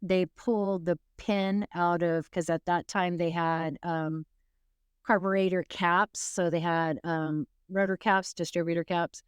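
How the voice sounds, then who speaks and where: A woman narrates a grim case in an easy, conversational way, wandering into asides and restarting her sentences. Her voice sits a little low and clean, taken up close with no room sound. She takes her time with every line. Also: fairly even intonation, measured pace, smooth, no room sound. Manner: rambling, self-correcting, wry asides. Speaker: true crime podcast host. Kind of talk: casual true crime storytelling.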